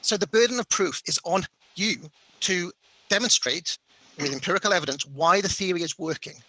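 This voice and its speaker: Bright, exasperated man. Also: high-pitched, moderate pace, dry recording, rough recording. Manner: exasperated, stammering, keeps cutting in by name. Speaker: debater. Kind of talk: heated debate on an online call. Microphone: video call.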